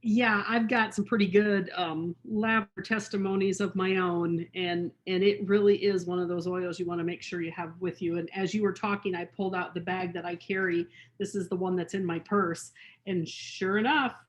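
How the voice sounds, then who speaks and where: A woman's voice: on the low side, fairly even intonation, moderate pace, a little hiss or hum. A woman speaking in an easygoing, casual way on a video call.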